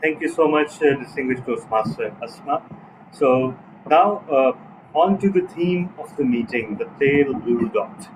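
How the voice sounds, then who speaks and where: Man hosting a meeting over hum. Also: medium pitch. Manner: measured, with frequent uh fillers. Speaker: toastmaster of the day, meeting host. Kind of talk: running a club meeting. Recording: noisy line with hum behind.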